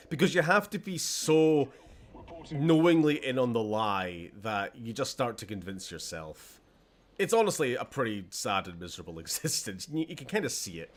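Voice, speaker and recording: A man's voice: medium pitch, fairly bright tone. A Scottish man hosting a gaming channel, chatting wryly and often laughing during a let's play. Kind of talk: let's play commentary chat.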